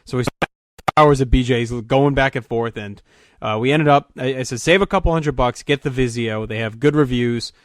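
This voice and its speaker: A man co-hosting a podcast, telling a long profane story as an animated rant in casual chat. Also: mid-range voice, normal speed, dry recording. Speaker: podcast co-host.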